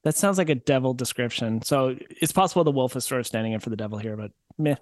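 A man's voice: medium pitch, quick pace, dry recording. A man co-hosting a podcast, chiming in with short, wry comments in casual chat. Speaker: podcast co-host.

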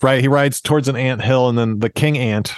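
A man's voice: mid-range voice, fairly quick, clear, resonant tone, dry recording. Laid-back man retelling a fairy tale. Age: 30s. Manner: retells a fairy tale with jokey asides and laughs. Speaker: podcast host. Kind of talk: casual storytelling chat.

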